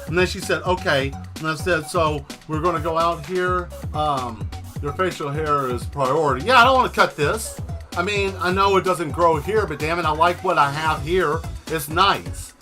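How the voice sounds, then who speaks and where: Exasperated man ranting with a bright voice. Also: fairly high pitch, moderate pace, soft background music. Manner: exasperated, profane, animated retelling. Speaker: host. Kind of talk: casual storytelling rant.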